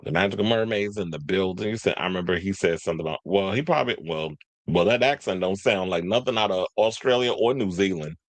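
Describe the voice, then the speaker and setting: Male host, low voice, loose rambling pop-culture chat, dry close sound. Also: fast talker, no room sound. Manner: chatty, tangential, forgets names. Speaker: podcast host. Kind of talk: casual pop-culture commentary.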